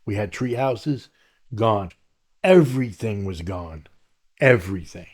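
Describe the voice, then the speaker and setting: A podcast guest from New York tells his life story slowly in a fairly low voice. An animated storyteller, he acts out the lines of the other people involved.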